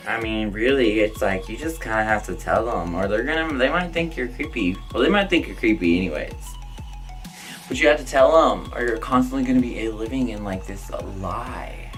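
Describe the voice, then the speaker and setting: A man's voice: mid-range voice, fairly bright tone, rough recording. A young man casually answering viewer questions in a vlog, chatty and outspoken, with lots of "like" and "I don't know".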